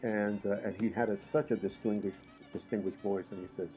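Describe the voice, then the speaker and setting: A man from Puerto Rico, a guest musician, telling animated stories with frequent laughs. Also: on the low side, a little fast, faint music behind, rough recording. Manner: lively, laughs often while telling stories. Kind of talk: animated storytelling in conversation.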